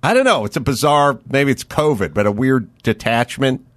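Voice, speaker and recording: A man's voice: medium pitch, animated, normal speed, dry recording, clean studio sound. A man hosting a podcast interview, asking questions in a joking, conversational way. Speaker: podcast host. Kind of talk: casual interview chat.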